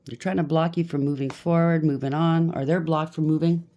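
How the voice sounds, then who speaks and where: Low-voiced, blunt woman tarot reader. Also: fairly even intonation, a little fast, mellow. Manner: blunt, scolding. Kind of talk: tarot card reading.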